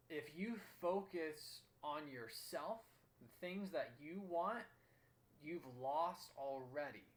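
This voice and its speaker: A young man hosting a motivational talk, telling a story in an earnest, emphatic way. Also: on the high side. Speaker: host.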